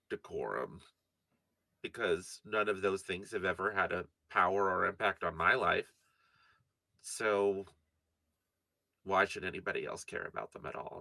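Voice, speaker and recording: A man playing an earnest, gravelly adventurer. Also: lowish voice, pushed and bright, no room sound, heavily acted. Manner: earnest, heartfelt confession, slightly slurred. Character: earnest young male adventurer, blunt, devoted to a friend. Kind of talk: tabletop role-play character voice.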